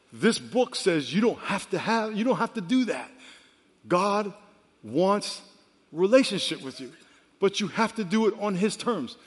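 A man in his fifties, a pastor preaching a sermon with animated storytelling that swings from quiet to loud. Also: sits high. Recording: long reverb of a large hall.

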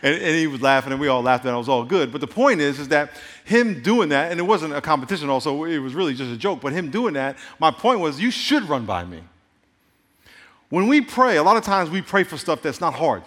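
Animated preacher man in a reverberant hall. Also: high-pitched, brisk. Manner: animated storytelling with playful jokes. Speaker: pastor. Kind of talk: sermon.

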